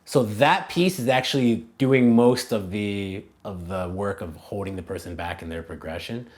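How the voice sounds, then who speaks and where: A man's voice: lowish voice, normal speed. A man being interviewed as a language coach, talking casually and thinking aloud, with many fillers and restarted phrases. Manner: casual, animated, many "like" and "you know" fillers. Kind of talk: conversational interview answers.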